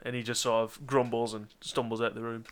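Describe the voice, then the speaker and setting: Relaxed man narrating as game master. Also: mid-range voice, brisk, clean tone.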